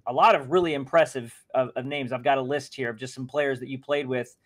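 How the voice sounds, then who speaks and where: A man hosting an interview, asking halting questions with restarts and quick affirmations. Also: mid-range voice, steady tone. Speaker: interview host.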